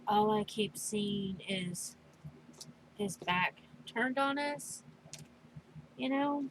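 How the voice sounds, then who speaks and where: A middle-aged mother chatting casually while crafting, slow and halting, speaking with emotion. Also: medium pitch, expressive, noisy background. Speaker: crafting vlogger.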